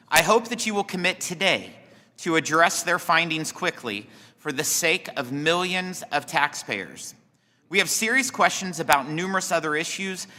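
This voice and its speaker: Bright-voiced man in echoing hearing room. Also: a little high. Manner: scripted, reading prepared remarks. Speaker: committee chairman. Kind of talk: formal opening statement.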